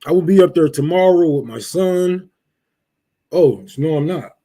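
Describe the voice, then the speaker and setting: A young man hosting a casual livestream, cursing loudly and laughing as he rants and thanks donors. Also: fairly high pitch, animated, measured pace. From Detroit. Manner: profane, loud, laughing rants. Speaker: livestream host.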